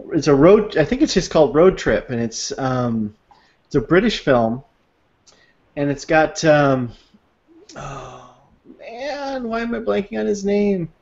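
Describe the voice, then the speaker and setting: A man with a mid-range, slightly mellow voice chats casually, recorded in dull lo-fi sound. He tells anecdotes, laughs a lot and acts out quoted voices playfully.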